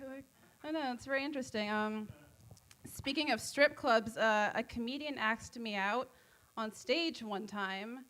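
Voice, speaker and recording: A woman's voice: a little high, measured pace, a bit bright. Giggly, rambling woman doing stand-up. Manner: rambling, giggly, self-deprecating. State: high on edibles. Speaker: open mic comedian. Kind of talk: stand-up comedy set. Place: comedy club stage.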